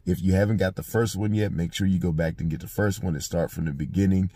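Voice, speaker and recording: A man casually reviewing a book for his vlog, retelling scenes in a slangy, animated way and acting out the dialogue. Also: deep voice, quick pace, husky, no room sound.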